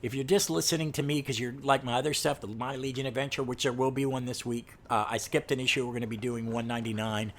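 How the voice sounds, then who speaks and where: A man's voice: mid-range voice, fairly even intonation, fast talker, hardly any pauses, a bit bright. A man hosting a comic book review podcast, talking with eager enthusiasm and pleading with listeners. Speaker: podcast host.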